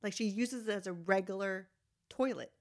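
A woman's voice: medium pitch, moderate pace. A woman in her thirties chatting casually, telling stories about her kids with lots of "like" fillers. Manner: chatty storyteller, frequent "like" fillers. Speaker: parent and auditioning performer. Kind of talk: casual chat.

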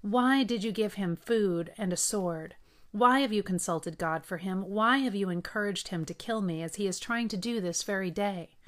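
A woman reading the lines of a furious, accusing old king, with shouted accusations. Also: mid-range voice, normal speed, lightly acted. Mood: demanding.

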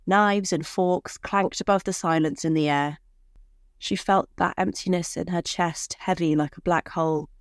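Low-voiced woman narrating a somber story. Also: no room sound, clean studio sound.

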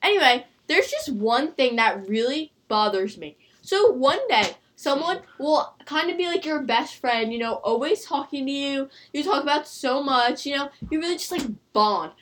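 A teenage girl hosting a casual chat with friends in her bedroom, telling stories in an animated, giggly way. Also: high voice, moderate pace, few pauses. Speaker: host. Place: bedroom at home. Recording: noisy home recording.

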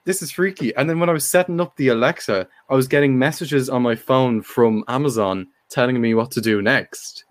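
A man's voice: mid-range voice, brisk, few pauses, no room sound. A young man talks loosely with friends, rambling and packing his talk with filler words. His voice sits mid-range and the recording is dry with little room sound. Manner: rambling, full of "like" fillers, laughs often. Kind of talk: casual group chat.

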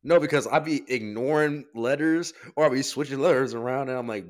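A man's voice: mid-range voice, fairly quick. A young man chatting casually as a podcast co-host, rambling and hesitant with many fillers. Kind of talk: casual chat.

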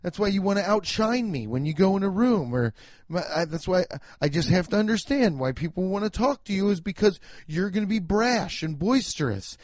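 Loud, emphatic young man ranting. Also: sits high, animated, brisk, dry recording, studio quality. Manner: loud, emphatic, swearing, self-mocking. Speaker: podcast host. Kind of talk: casual solo podcast rant. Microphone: home podcast mic.

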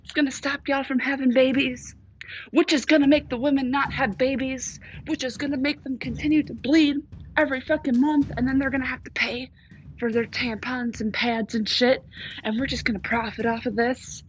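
A woman's voice: sits high, steady tone, moderate pace, highs cut off, natural voice. A woman voicing a smug, mocking God who gleefully hands out punishments, swearing as he goes.

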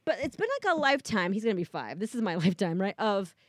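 A woman's voice: medium pitch, very animated, fast talker, no room sound. A woman in her thirties, a mother, telling comedic stories in casual chat, acting out quotes with self-deprecating humor. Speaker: guest, mother.

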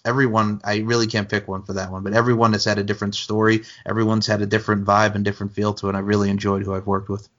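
A man's voice: lowish voice, fast, few pauses, dull audio. A man from Long Island, chatting energetically as a podcast guest. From Long Island, New York. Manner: energetic, talkative, with bursts of promo bravado. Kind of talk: casual interview chat.

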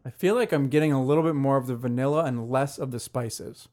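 A man's voice: mid-range voice, fairly quick, darkish tone. A man co-hosting a podcast, playful and easygoing, mostly trading short replies while tasting beer. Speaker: podcast co-host. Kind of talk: casual chat, beer tasting.

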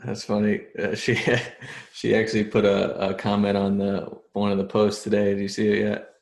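A man's voice: fairly low pitch, completely flat delivery, moderate pace, creaky. A man co-hosting a podcast in casual chat, mostly laughing and chiming in with short quips. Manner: quiet, laughing listener who chimes in with short quips. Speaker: podcast co-host.

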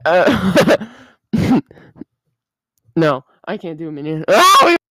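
A woman's voice: fairly low pitch, very animated, takes it slowly, fairly bright tone, no echo. A woman co-hosting a casual podcast chat with friends, playful and giggly as she jokes about doing impressions. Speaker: podcast co-host.

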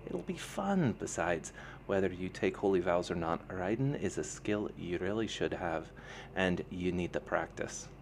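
A man's voice: low-pitched, expressive, unhurried, few pauses, a little hiss or hum. A man reading a novel aloud, voicing an easygoing, confident young man who speaks in a casual, matter-of-fact way.

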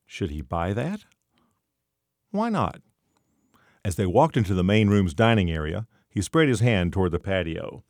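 Man reading his short story, lowish voice, lively pitch, dry close mic. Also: moderate pace, dry recording. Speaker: narrator.

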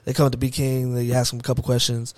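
A young man telling a story in a casual chat, animated and excitable, with heavy slang. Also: medium pitch, fast, no echo. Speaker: podcast guest.

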